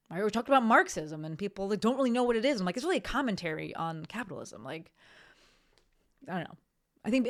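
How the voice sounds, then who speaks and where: Profane, rambling woman podcast host. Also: lowish voice. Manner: blunt, profane, rambling with frequent "right?" tags. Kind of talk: casual solo podcast monologue.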